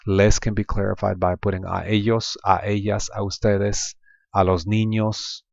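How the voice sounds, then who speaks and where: A man from Oklahoma, United States, teaches Spanish over slides in his Oklahoma accent, patient but full of ums and restarts. His creaky, low-leaning voice shows little pitch movement at normal speed, in a dry, dull lo-fi voice-over.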